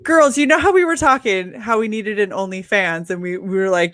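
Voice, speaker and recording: A young woman co-hosting a casual live-stream chat, an animated storyteller who laughs often. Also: medium pitch, moderate pace, few pauses. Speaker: co-host.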